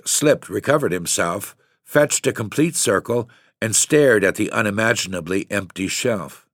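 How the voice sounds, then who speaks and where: A man reading a literary story aloud in a measured, steady narration. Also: lowish voice, no room sound, studio quality. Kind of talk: scripted audiobook narration.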